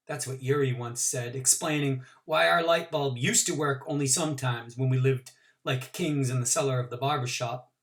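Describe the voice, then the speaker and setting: A male teacher reading a novel aloud to his class, with expressive voices for the characters and small asides explaining things. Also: a little high. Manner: adds short explanations for listeners. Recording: voice picked up from a distance from the mic.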